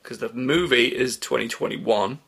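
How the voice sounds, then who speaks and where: A man's voice: mid-range voice, moderate pace, vocal fry, a bit bright. A man co-hosting a casual podcast chat, talkative, laughing often and trailing off mid-thought. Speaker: podcast co-host.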